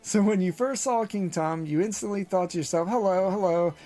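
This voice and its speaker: A man's voice: sits high, a little fast, dark tone, natural voice. Man doing Drippy, a cheeky Welsh fairy. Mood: exasperated. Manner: folksy, sing-song, lots of tag questions. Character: chatty small male fairy sidekick, cheeky. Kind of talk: reading game dialogue aloud.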